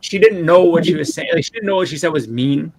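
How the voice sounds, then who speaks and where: Gravelly fast-talking man telling stories. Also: fairly high pitch, over a noisy crowd, poor audio. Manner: rambling anecdotes with restarts and acted quotes. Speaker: podcast co-host. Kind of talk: casual storytelling chat. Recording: faint background noise.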